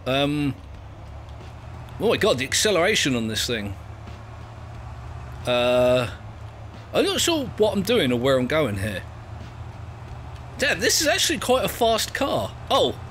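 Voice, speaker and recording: A man's voice: on the high side, huge pitch swings, a little slow, long pauses, a bit bright, a little hiss or hum. An English man giving chatty, self-mocking let's play commentary as he plays a video game, often laughing and reading on-screen text aloud. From England. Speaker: gaming video creator.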